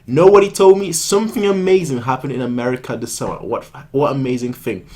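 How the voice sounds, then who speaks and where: A man's voice: medium pitch, brisk, darkish tone. A man hosting a reaction video, reading a manga aloud and joking in a rambling way, stumbling over his words.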